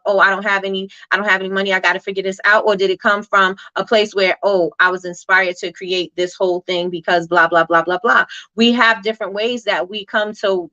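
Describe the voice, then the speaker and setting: Bright, upbeat woman hosting a live talk. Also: mid-range voice, no room sound, lo-fi sound. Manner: chatty, reads comments aloud, many fillers and "right?". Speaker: host. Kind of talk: casual motivational talk.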